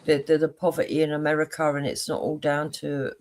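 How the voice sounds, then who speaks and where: A man's voice: on the high side, monotone, a little fast, over a noisy crowd. A man hosting a casual live stream debate, blunt and argumentative.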